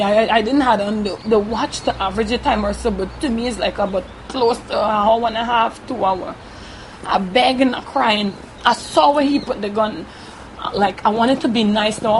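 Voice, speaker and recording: A woman with a Guyanese Creole accent giving a halting first-person account, often repeating herself and tagging her sentences with "right?". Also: fairly high pitch, a little hiss or hum, poor audio. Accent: Guyanese Creole English. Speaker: interviewee.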